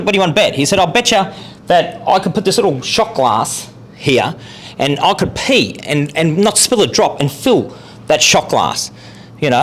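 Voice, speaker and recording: An Australian man, a guest comedian, telling a joke in a relaxed, rambling way. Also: on the high side.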